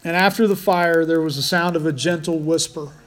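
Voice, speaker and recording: A man's voice: fairly high pitch, fairly even intonation, fairly quick. A man preaching a conversational sermon as pastor, restarting phrases often.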